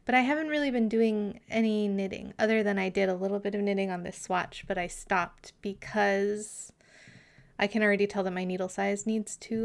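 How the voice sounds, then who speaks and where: A woman's voice: mid-range voice, fairly even intonation, moderate pace, creaky. A woman streamer in casual live chat with her viewers, chatty and giggly, sometimes muttering asides to herself.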